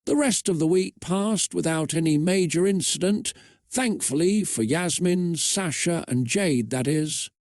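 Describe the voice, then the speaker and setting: A man reads a fan story aloud in a flat, steady voice. He speaks slowly and his voice sits a bit high for a man. The sound is close and dry. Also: dry recording. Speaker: narrator.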